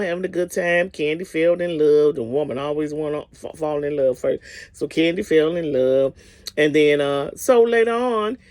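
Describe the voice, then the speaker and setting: A woman retells a movie's plot in a chatty, animated way, frequently asking "okay?" and calling the listener "honey." Her voice is lowish, with no echo.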